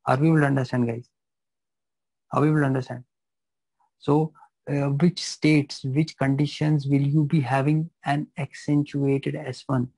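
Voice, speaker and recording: A man's voice: medium pitch, level tone, moderate pace, gravelly, a little mellow, no echo, rough recording. A man teaching a live physiology class, repeating phrases and checking that students understand.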